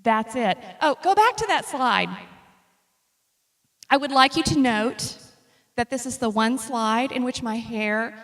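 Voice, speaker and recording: A woman's voice: on the high side, a little slow, pauses often. A woman giving a casual, humorous talk about her travel slides to an audience. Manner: chatty and humorous, lively storytelling. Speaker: speaker presenting travel slides. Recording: long reverb of a hall.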